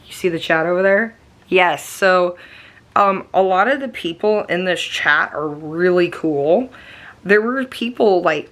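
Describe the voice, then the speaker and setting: A woman's voice: medium pitch, fairly bright tone. A woman vlogger chatting casually to camera at home, rambling with lots of fillers while getting over a migraine. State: recovering from a migraine.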